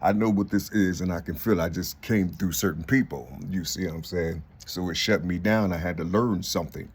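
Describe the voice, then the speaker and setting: This vlogger in his fifties has a low, slightly rough voice and talks a little fast. Recorded on a phone, his rambling monologue to viewers is peppered with "you see," fillers and false starts.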